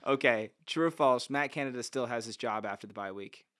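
A man hosting a sports talk show, calm and dry, steering the segments. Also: medium pitch, brisk. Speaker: host.

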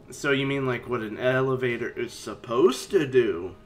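A man giving casual let's-play commentary, rambling and chatty with sudden excited yelps. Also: mid-range voice, measured pace. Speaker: game commentator.

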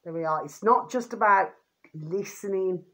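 A woman's voice: medium pitch, moderate pace, fairly bright tone. A middle-aged woman, talking to camera in a rambling, casual monologue. She keeps repeating a pet phrase and swears freely. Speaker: vlogger.

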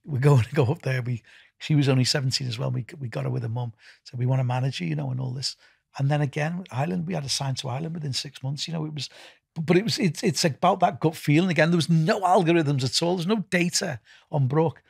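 A man's voice: on the high side, fast talker, gravelly, husky, dry recording, clean studio sound. A middle-aged man with a Liverpool accent, being interviewed as a festival founder, rambling with lots of restarts and "you know". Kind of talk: casual interview talk.

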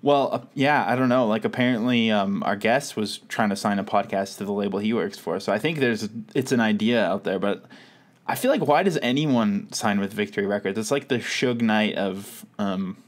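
A man's voice: lowish voice, moderate pace. Sarcastic man co-hosting a podcast. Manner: dry, sarcastic humor. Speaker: podcast co-host. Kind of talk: casual chat.

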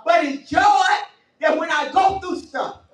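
High-voiced woman preaching in an echoey church. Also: unhurried. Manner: fervent preaching, rising to shouts, laughing often. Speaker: pastor. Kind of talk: sermon. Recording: echoey church audio from far off.

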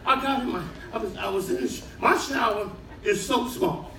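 An older man performing a stand-up comedy set on a cruise ship, telling stories in an animated way and shouting his punchlines. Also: moderate pace. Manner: animated storytelling, shouting punchlines, high-pitched put-on cries. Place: cruise ship show lounge with a live audience. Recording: roomy live audio from far off, loud crowd.

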